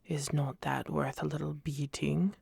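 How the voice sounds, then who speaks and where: A kindly old bear teacher, as a woman reads him aloud in a whispered role-play. The voice is gravelly and very slow, drawn out and a bit fuller than the narration. It stays close and dry on the mic. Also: deep voice, little pitch movement, darkish tone, dry recording, full character voice. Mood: earnest. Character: old brown male bear teacher, earnest and tender.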